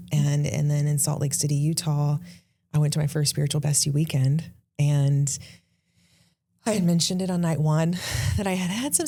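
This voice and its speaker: A woman in her thirties hosts a conversation in a low, mellow register with a gravelly edge. She tells an emotional personal story, rushing at moments and halting over restarts. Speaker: podcast host. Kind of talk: casual conversation.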